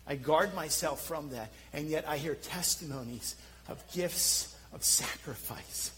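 A middle-aged pastor with a Philadelphia accent delivers his sermon in a high-pitched, bright voice. He tells his stories in an animated, self-mocking way. A faint hum sits under the recording. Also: a little slow, low-quality recording. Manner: animated, self-deprecating storytelling.

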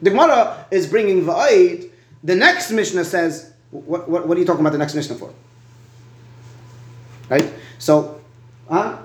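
A man teaching a Talmud study session, reasoning aloud in quick bursts and repeating words as he thinks, in an echoey room. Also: high-pitched, a little hiss or hum. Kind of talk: animated Talmud study debate.

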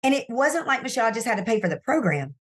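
Woman, sales coach guest; candid, animated storyteller who speaks straight to the audience; recorded in her office. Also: on the high side, rapid-fire. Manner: animated, emphatic storyteller who addresses listeners directly. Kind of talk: candid faith-based interview storytelling.

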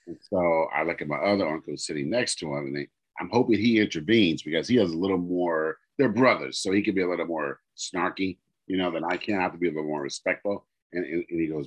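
A middle-aged man co-hosting a podcast, telling a long story in casual chat and getting animated and exasperated as he quotes the people in it. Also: low voice, brisk. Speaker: podcast co-host. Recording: dull lo-fi podcast audio.

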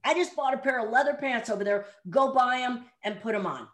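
A middle-aged woman chats on a podcast, laughing freely as she tells her stories. Her voice sits a little high and bounces with energy. She talks in a casual, unscripted way. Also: fairly quick, rough recording. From Chicago area. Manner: animated storyteller, laughs often. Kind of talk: casual chat.

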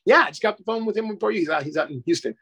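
A man's voice: sits high, animated, very fast, gravelly, a bit bright, breathy edge. A middle-aged man, a life coach, talking effusively and emphatically in a casual interview, swearing casually.

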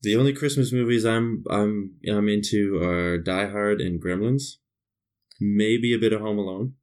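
A man's voice: fairly low pitch, measured pace, darkish tone, clear, resonant tone. Rambling man who laughs often. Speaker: podcast co-host. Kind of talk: casual chat.

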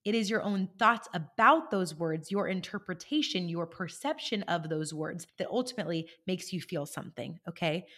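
A woman hosting a podcast, talking listeners through a coaching idea in a casual, animated way and checking in with them as she goes. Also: fairly low pitch, moderate pace, hardly any pauses. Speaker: podcast host and life coach. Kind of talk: conversational coaching monologue.

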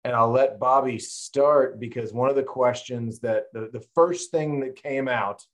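A man co-hosting a podcast, talking in a loose, relaxed, rambling way. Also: medium pitch, measured pace. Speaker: podcast co-host. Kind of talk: casual chat.

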